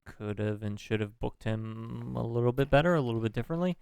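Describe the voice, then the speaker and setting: A man's voice: medium pitch, fairly quick, creaky, a little mellow, clean tone, no echo, studio quality. A man co-hosting a podcast, talking casually about wrestling, hedging and swearing freely with many fillers. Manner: profane, hedging, thinks aloud with many fillers. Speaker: podcast co-host.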